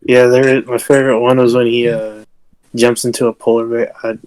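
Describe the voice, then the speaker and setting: A man co-hosting a podcast in casual chat, halting with uhs and restarts. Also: medium pitch, flat delivery, crowd noise, poor audio. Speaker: podcast co-host.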